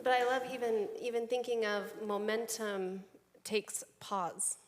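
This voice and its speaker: A woman's voice: on the high side, steady tone, unhurried, a little hiss or hum. A woman coach on a panel, speaking in an enthusiastic, encouraging way. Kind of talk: panel discussion. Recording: reverberant hall.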